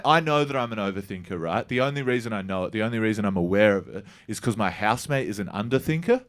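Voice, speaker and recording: A man, telling a rambling, profane stand-up story to a live audience. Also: mid-range voice. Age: 30s. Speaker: stand-up comedian. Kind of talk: stand-up set. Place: comedy venue with live audience.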